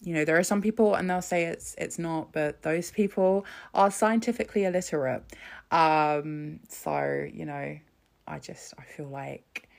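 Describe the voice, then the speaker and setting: A woman's voice: deep voice, measured pace, creaky, darkish tone. A young woman hosting a solo podcast, chatty and sweary, rambling with frequent restarts. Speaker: podcast host.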